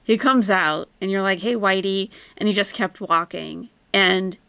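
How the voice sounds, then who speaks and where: A woman talks through a video in a slow, unhurried drawl, her voice gravelly with fry. She sounds wry and amused, close to the mic in a dry, dead room. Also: mid-range voice, bright, forceful tone, dry recording. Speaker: commentary host. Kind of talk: reaction commentary.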